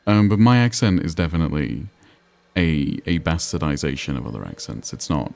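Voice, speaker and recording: A man's voice: extremely low pitch, animated, brisk, creaky, darkish tone. A man with a northern English accent chatting casually while streaming a game, musing and answering chat. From England. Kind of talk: casual gameplay commentary.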